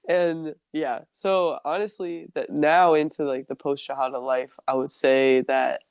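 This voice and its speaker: A woman's voice: deep voice, fairly even intonation, moderate pace, creaky, hardly any pauses, a little mellow, clean tone, no room sound. A young woman telling her own story in a casual interview, chatty and openly emotional, filling her sentences with "like.". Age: young adult.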